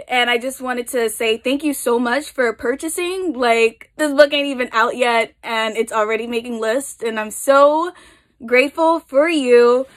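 Young woman vlogging, kinda high voice, breathless and rushing, chatty and upbeat. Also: a bit bright. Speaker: author and channel host. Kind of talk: casual chat to camera.

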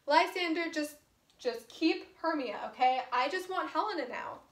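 Young suitor brushing off a rival, emphatic, high voice, echoey room, voiced by a woman teacher. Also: lively intonation, moderate pace. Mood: dismissive.

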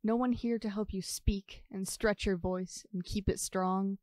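A woman's voice: mid-range voice, steady tone, a little slow, no room sound, studio quality, lightly acted. A woman actor playing a wistful, questioning woman's voice of memory in an experimental theater monologue. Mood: probing. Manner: questioning, shifting between soft and pressing. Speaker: stage actor.

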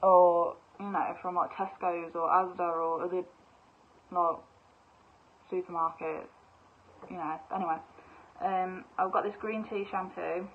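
A young woman, bubbly and excitable, chatting casually through a shopping haul with lots of fillers. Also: on the low side, a little slow, long pauses, a little hiss or hum. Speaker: vlogger. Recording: tinny phone-like sound.

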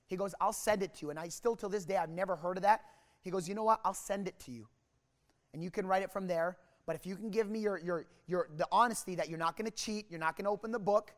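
A young man from Canada telling a motivational story at a sales rally, energetic and rambling, with many restarts. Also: high voice. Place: large hall at a sales rally. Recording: reverberant hall sound.

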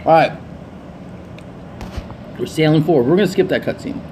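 A man's voice: a little high, moderate pace, background noise. A young man hosting casual gameplay commentary, joking around and reading game lines aloud. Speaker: gaming channel host.

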